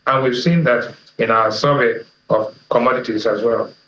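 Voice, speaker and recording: A middle-aged Nigerian man, an economist guest, explaining commodity prices in a measured way, listing figures one by one. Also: mid-range voice, steady tone, a bit bright. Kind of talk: economic analysis interview. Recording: roomy, slightly dull TV audio.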